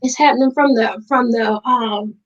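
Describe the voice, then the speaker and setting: A woman's voice: on the high side, steady tone, moderate pace, muffled recording. A woman, speaking earnestly and from the heart as an interview guest. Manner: earnest, heartfelt, addresses listeners as y'all. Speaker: guest in recovery. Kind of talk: candid interview talk.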